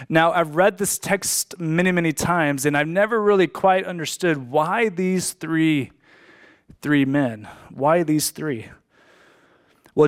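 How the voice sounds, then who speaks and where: A man's voice: on the high side, clear, resonant tone. A man preaching a sermon as a pastor, emphatic, repeating key lines for emphasis.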